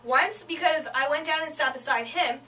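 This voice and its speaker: A young adult woman co-hosting a casual student show, telling stories excitedly and laughing as she goes. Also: high voice, normal speed, recorded from a distance, a little hiss or hum. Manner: excitable storyteller, laughs through her stories. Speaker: co-host. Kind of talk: casual chat.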